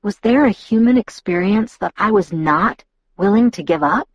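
A woman narrating a novel in the first person, speaking in a reflective, inward way. Her voice sits at an ordinary middle pitch. The recording is dry and close, with no room sound. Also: animated, normal speed, slightly rough, dry recording. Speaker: audiobook narrator.

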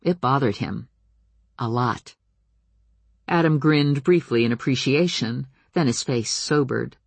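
Woman audiobook narrator, husky, wry and expressive, dry close read. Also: a bass voice, unhurried, dry recording. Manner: wry, expressive storytelling with lively voiced dialogue. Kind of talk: first-person novel narration.

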